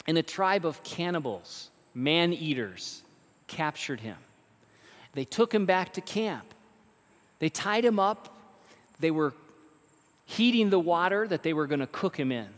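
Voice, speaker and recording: A man preaching a sermon, telling stories with emphatic, animated delivery and rhetorical questions. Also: fairly high pitch. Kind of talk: sermon storytelling. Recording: long reverb of a large hall.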